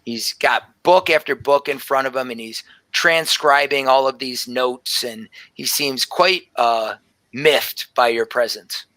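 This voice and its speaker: A woman narrating a tabletop role-playing game as game master, with lively, descriptive storytelling. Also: rumbling low, measured pace, no echo.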